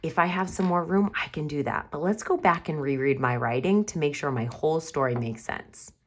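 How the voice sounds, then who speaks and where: Filmed at home for an online class, this kindergarten teacher has a low voice. She gives young children a writing lesson, slowly sounding out words and reading her story with exaggerated expression.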